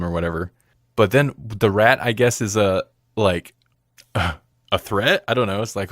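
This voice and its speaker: A man's voice: fairly low pitch, a little slow, a bit bright, no echo, studio quality. A man co-hosting a movie review podcast, chatting casually and rambling, laughing often. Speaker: podcast co-host.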